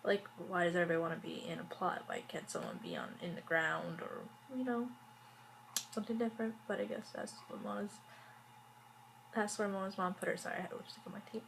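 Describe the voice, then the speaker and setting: A woman's voice: lowish voice, very animated, fast, vocal fry, a bit bright, a little hiss or hum, low-quality recording. A woman reviewing a TV episode in a casual vlog, rambling with many "like"s and fillers and wry, exasperated asides. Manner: rambling, heavy use of "like" and fillers. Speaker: TV show reviewer.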